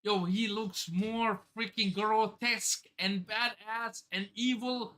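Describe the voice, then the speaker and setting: A woman's voice: mid-range voice, steady tone, takes it slowly, fairly bright tone. A woman hosting a live manga reaction stream, thinking aloud, exclaiming, swearing and laughing as she reads. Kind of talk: excited live reaction commentary.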